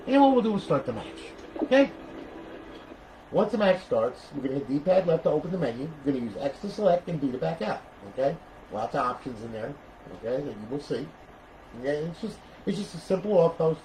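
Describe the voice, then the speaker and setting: A fairly high-voiced man talks through a gameplay demo in a loose, rambling way, dropping curses and yelling taunts at the other players. The recording carries a steady layer of background hiss. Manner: rambling, profane, bursts into loud trash talk at opponents. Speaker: console modder demoing a modded console. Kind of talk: casual gameplay tutorial with commentary.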